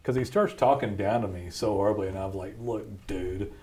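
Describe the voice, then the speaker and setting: A fast-talking man with a lowish, dark-toned voice hosts a podcast, laughing often while telling blunt, down-home stories about building his company from the start.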